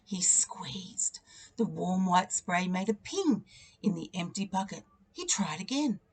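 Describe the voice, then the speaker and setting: Animated woman reading a picture book. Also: lowish voice, moderate pace. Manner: expressive, animated storytelling with repeated refrains. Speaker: teacher.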